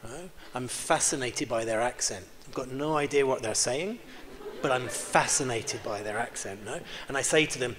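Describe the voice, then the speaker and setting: A man giving an interactive keynote lecture in a large conference hall, joking and quizzing the audience with quick questions. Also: mid-range voice, a crowd in the background. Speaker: keynote speaker. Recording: reverberant hall with faint background hum.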